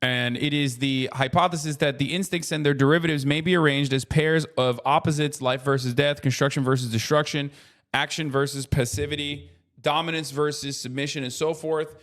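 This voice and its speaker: An American man in his thirties talks to his livestream chat into a streaming mic. His voice sits a little high, and he swings into profane, animated rants. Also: fairly quick. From United States. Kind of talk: casual livestream commentary.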